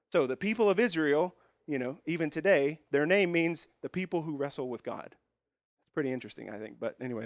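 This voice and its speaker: A man's voice: fairly high pitch, no room sound, clean studio sound. A man preaching a sermon, praying and then teaching at a whiteboard in a folksy, joking way. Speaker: pastor.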